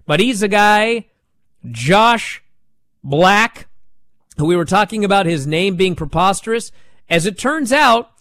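A man casually recapping a wrestling show, animated and sarcastic as he tells it. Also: high voice, no echo, clean studio sound.

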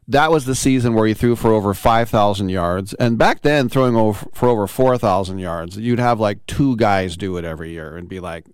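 Male sports radio host, low smooth voice, dry close sound, rambling jokey delivery. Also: dry recording. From Bay Area. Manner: rambling, jokey, self-mocking. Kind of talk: casual sports talk radio.

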